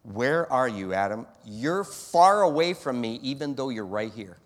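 A man's voice: medium pitch, very animated, a little slow. A man voicing a fatherly God asking searching questions. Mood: sorrowful. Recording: long hall reverb.

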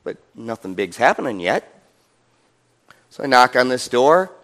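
A male pastor preaching a sermon in an animated, conversational way, chuckling often as he tells stories. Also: medium pitch, unhurried. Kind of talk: sermon storytelling.

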